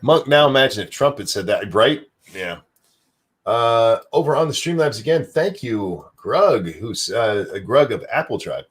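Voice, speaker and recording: A man's voice: medium pitch, very animated, unhurried, husky. A man hosting a casual livestream talk show, ranting with sarcastic commentary. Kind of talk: casual chat.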